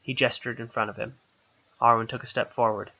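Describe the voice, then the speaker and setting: A man reads a fantasy story aloud with steady, expressive narration. His voice is bright and clear in tone. The recording is a bit dull and muffled. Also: medium pitch, fairly quick. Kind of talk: audiobook narration.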